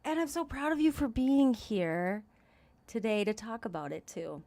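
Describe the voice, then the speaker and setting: A woman's voice: on the high side, normal speed, vocal fry, dark tone, no room sound. A woman hosting a recovery podcast, encouraging her guest. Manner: encouraging, frequent mm-hmms. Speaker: host. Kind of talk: supportive podcast interview.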